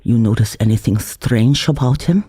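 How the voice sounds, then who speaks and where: A man's voice: medium pitch, moderate pace, dark tone, slightly rough, dry recording, clean studio sound, natural voice. A man voicing a scheming, conspiratorial Syrian man who fires off urgent questions.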